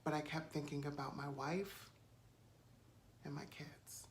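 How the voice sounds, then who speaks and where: A woman voicing a tearful, apologetic man in her story, speaking quietly and haltingly. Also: deep voice, fairly even intonation, a little hiss or hum. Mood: sad.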